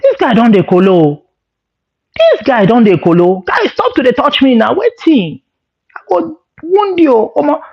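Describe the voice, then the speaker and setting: A man's voice: on the high side, animated, normal speed, creaky. A man voicing a startled young male student who speaks Nigerian Pidgin, blunt and exasperated. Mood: angry. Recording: lo-fi dull sound.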